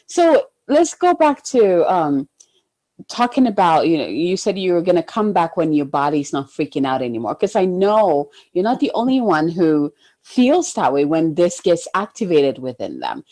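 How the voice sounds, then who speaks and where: A woman's voice: on the low side, sing-song, moderate pace. A woman hosting a podcast interview in a casual way, who agrees often and asks open questions. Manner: warmly affirming, frequent agreeing replies. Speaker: podcast host.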